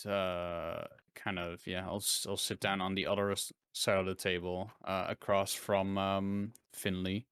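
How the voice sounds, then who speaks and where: A man with a lowish, smooth and resonant voice, recorded dry and close. He plays his character in a casual, hesitant way. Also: level tone, unhurried, hardly any pauses, a bit bright, no echo. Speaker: player. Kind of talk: tabletop game play.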